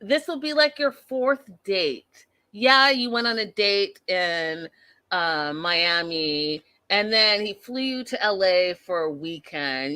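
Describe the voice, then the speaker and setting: A woman's voice: mid-range voice, smooth. A woman in her thirties hosting a casual show recap, blunt and opinionated, talking straight to her listeners. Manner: animated, blunt and opinionated, addresses listeners as y'all. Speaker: podcast host recapping a reality show.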